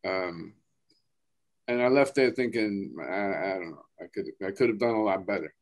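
Deep-voiced and speaking with a New Jersey accent, the guest actor keeps the chat casual, swearing a lot and frequently stopping to restart his sentences.

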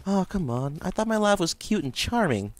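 A young man calmly mocking an opponent in an online game voice chat, sarcastic and amused. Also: high voice, moderate pace. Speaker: gamer and video maker.

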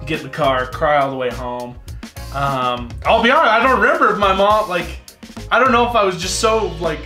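Animated storytelling man in a roomy space. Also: a little high. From United States. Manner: animated, rambling storytelling with laughs. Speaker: guest. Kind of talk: casual storytelling in an interview. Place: indoor set, eating spicy wings. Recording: roomy room with faint music.

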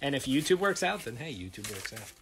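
A young man hosts a casual podcast chat in a bright, ringing voice. His pitch leaps around as he tells animated, joking stories, with a faint hiss under the recording. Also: fairly quick. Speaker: podcast host.

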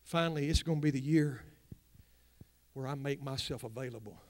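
A man preaching a sermon in church, moving between quiet asides and loud, building declarations. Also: medium pitch, fairly quick. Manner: swings from hushed asides to loud rising preaching. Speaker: pastor. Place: church sanctuary.

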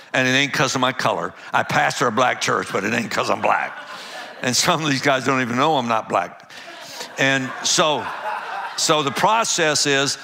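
An older man, a pastor, telling a lively personal story and acting out the dialogue with laughs. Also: medium pitch, vocal fry. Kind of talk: storytelling testimony.

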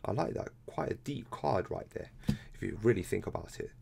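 A young man, chatting casually to viewers while opening trading cards, excitable and full of slang. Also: on the low side, moderate pace, gravelly, a little hiss or hum. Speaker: card-opening video host. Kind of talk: casual card-opening commentary. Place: room at home. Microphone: laptop camera.

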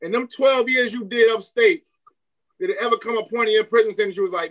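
Podcast host: a man with a high, bright voice who asks casual, slangy questions between quick reactions. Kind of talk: casual interview.

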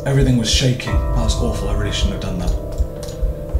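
A man's voice: medium pitch, lively intonation, a little slow, reverberant, music in the background. A young man commenting on a horror game as he plays, jumpy and frustrated, swearing often. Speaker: gaming video host.

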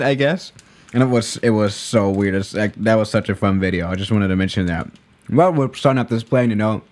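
On a live stream, a man with a low-leaning, slightly mellow voice plays a flight simulator and chats casually. He's laid-back and rambling, correcting himself as he goes.

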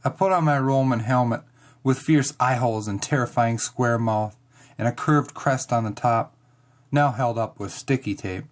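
A reader narrating a first-person children's chapter book, expressive and dramatic. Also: mid-range voice, normal speed. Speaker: audiobook reader.

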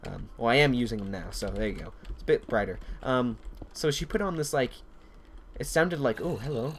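A man's voice: mid-range voice, animated, a little fast, a little hiss or hum. A man chatting casually over his gameplay, rambling off topic with lots of swearing. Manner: rambling, profane, off-topic storytelling. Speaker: gameplay commentator. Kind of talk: casual let's-play commentary.

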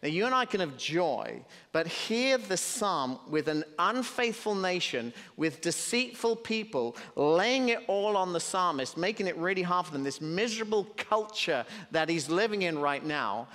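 A British man in his fifties preaches a sermon, mixing scripture with light, joking asides. His voice sits a little high for a man. It carries on a stage mic with a long reverb trailing through a large church hall. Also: big pitch swings, moderate pace, hardly any pauses, fairly bright tone. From Britain. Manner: conversational preaching with humorous asides. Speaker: pastor.

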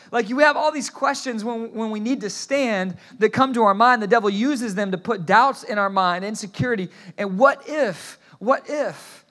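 Male pastor, sermon delivery, high bright voice, animated storyteller with frequent restarts. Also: moderate pace. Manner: asks the congregation to repeat phrases.

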